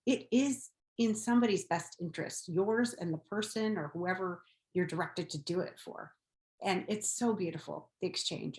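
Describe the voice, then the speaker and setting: A woman hosting a spiritual podcast, telling personal stories in an earnest, gentle way. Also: mid-range voice, roomy sound. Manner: earnest, gentle storytelling about faith. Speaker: podcast host.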